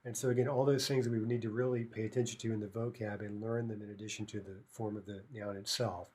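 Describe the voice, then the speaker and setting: Guy teaching grammar, kinda husky voice, keeps saying right?. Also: on the low side, little pitch movement, fast talker, darkish tone. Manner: explanatory, frequent checking "right?" tags. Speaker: language teacher. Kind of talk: recorded language lesson.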